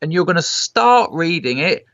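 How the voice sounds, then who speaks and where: Bright-voiced man, probing questions. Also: on the high side, very animated, moderate pace, no echo, lo-fi sound. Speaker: guest, novelist. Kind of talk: casual conversation.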